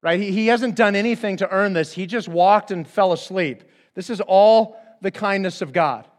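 A man's voice: sits high, moderate pace. A man preaching a conversational sermon as pastor, acting out the speakers in the Bible stories.

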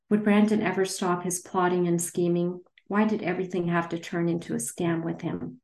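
Lower-voiced woman author with a roomy echo. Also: little pitch movement, normal speed, few pauses, a little mellow. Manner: hesitant, many fillers and restarts. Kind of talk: reading her novel aloud, then interview answers. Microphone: video call.

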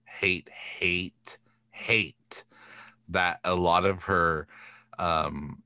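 A man's voice: low voice, steady tone, drawn-out words, sharp tone, dry recording. A man from Corpus Christi, Texas, co-hosting a casual pop-culture podcast chat, talking bluntly with lots of fillers and the odd curse. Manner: chatty, with frequent fillers and swearing. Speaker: podcast co-host.

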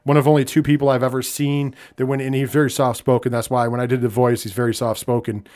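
A man's voice: mid-range voice, flat delivery, fast talker. Casual American man hosting a podcast. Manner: conversational, many fillers, drops quiet when somber. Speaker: podcast host.

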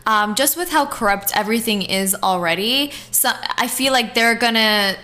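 A woman's voice: fairly high pitch, moderate pace, bright, forceful tone. A woman from Jamaica in casual chat, frank and agreeable, swearing casually. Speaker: co-host, mother of S0.

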